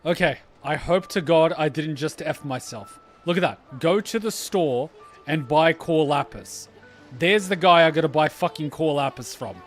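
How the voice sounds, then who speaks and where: A man's voice: on the high side, normal speed, soft background music. A man commentating a game playthrough, sarcastic and joking, swearing often in exasperation. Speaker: game reaction streamer. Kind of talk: casual gameplay commentary.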